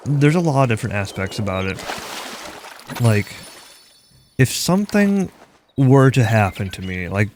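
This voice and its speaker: A man's voice: lowish voice, big pitch swings, measured pace, long pauses, a little mellow, slight background noise. A young man from Minnesota chatting casually while playing a game, rambling and filling his talk with "like". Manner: rambling, heavy use of "like". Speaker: gaming streamer. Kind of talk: casual chat while gaming.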